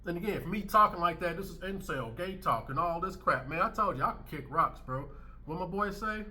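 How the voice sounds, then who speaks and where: A man's voice: sits high, lively intonation, brisk, heavy background noise. A man hosting a commentary channel, reacting to clips in a blunt, emphatic way and hammering his points home by repeating them.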